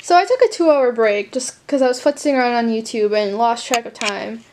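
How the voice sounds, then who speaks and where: A woman's voice: a little high, a little fast, darkish tone. A young woman chatting casually in a reading vlog at home, candid and exasperated, swearing freely. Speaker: book vlogger. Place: home, indoors. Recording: faint room noise from the air conditioner. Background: faint air conditioner hum.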